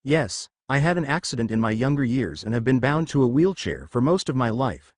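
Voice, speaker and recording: In a storybook reading, a man with a medium-pitched voice plays a middle-aged male doctor who is calm, soothing, confident, and measured. The recording is clean studio sound with no room ambience.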